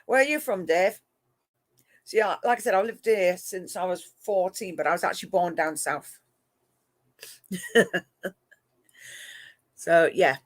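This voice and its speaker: Speaking at a measured pace with frequent pauses, this medium-pitched, middle-aged live-stream host and moderator from England chats casually with viewers. Their accent mixes northern and southern English, they laugh often and talk to pet cats, and there's no room sound.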